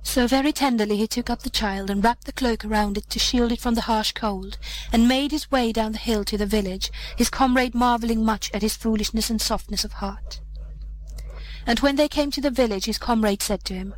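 Female narrator, slightly high voice, measured fairy-tale reading. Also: slight background noise, low-quality recording. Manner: measured, gentle storytelling with character voices. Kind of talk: storybook reading.

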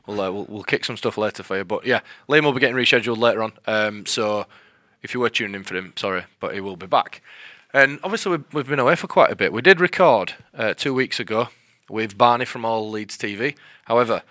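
Yorkshire lad, podcast host, bright rapid chatter, dry close sound, jokey and self-mocking. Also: male voice, lowish voice, lively intonation, no room sound. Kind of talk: casual chat.

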